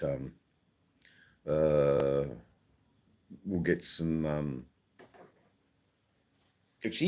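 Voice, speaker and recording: Slow, deep-voiced Australian man chatting. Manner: rambling, relaxed, many ums and restarts. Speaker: livestream host. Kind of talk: casual live-stream chat, reading viewer comments.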